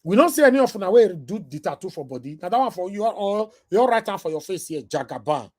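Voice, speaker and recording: A man from the UK with a Nigerian Pidgin accent, giving an animated, emotional commentary rant. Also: high-pitched, quick pace. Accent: Nigerian Pidgin English. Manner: animated, emotional, switching from loud to soft. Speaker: vlogger.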